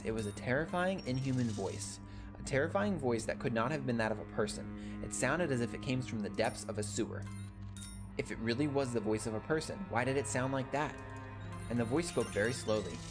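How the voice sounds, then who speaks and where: A man reading horror-game dialogue and narration aloud in a steady storytelling voice. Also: mid-range voice, fairly quick, over music.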